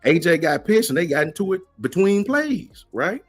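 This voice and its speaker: Guy ranting on his live stream, lots of "right?", pitch jumping all over, lil music underneath. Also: big pitch swings, normal speed, slightly rough. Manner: emphatic, repeats rhetorical questions; slangy, keeps asking "right?". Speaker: host of a college football fan channel. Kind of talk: livestream commentary with chat.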